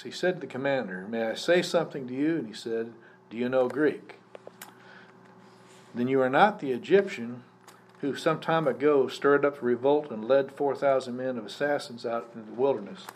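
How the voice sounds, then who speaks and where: A male pastor preaching at a live church service, talking the congregation through a passage and asking them questions as he goes. His voice sits in an ordinary middle pitch. A faint hum of noise runs under the recording. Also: normal speed. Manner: conversational teaching, poses questions to the congregation. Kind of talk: sermon.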